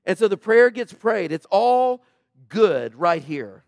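A man with a high voice gives a sermon as a pastor, talking to the congregation in an easy conversational way. He often checks in with them and lifts his voice when he quotes a prayer. The sound is close and dry. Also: sing-song, takes it slowly, creaky, a little mellow, no room sound, lo-fi sound. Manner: conversational preaching, often asks "right?"; dramatic quoting of prayer in a raised voice.

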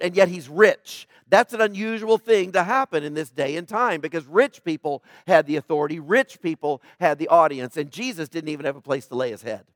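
A male pastor preaching a conversational sermon, often checking in with his listeners and dropping to a hush at tender points. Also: fairly high pitch, fairly quick, few pauses, dry recording, studio quality. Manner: conversational preaching, frequent "right?" tags, swings from loud to hushed.

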